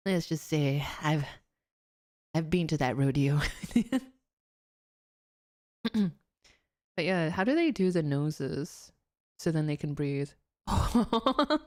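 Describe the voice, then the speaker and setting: Low, slow, giggly woman streamer. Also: a little mellow, no room sound, clean studio sound. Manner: giggly, laughs often, rambling with fillers. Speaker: VTuber streamer. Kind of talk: casual watchalong commentary.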